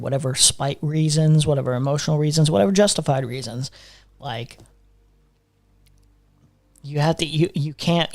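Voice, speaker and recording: A man streaming a live reaction to a debate, critical of the speakers and repeating his points for emphasis. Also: on the high side. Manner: critical, flat delivery, repeats phrases.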